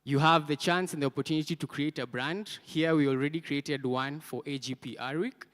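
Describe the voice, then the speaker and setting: A man's voice: fairly high pitch, steady tone, fairly quick, a bit bright. A man presenting a product at a conference, drawing the audience into call-and-response. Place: conference hall. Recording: reverberant conference hall.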